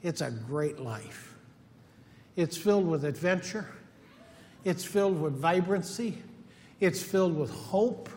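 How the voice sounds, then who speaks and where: A man's voice: a little high, animated, slow pace, long pauses, a little mellow, a little hiss or hum. Earnest preacher man in a reverberant hall. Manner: earnest, emphatic preaching with repetition. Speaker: pastor. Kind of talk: sermon.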